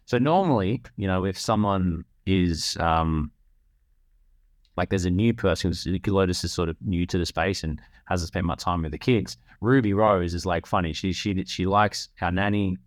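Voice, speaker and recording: Deep-voiced man telling a story. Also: normal speed, no echo, clean studio sound. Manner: rambling, restarts often, acts out quoted voices. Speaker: podcast host. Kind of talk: casual storytelling.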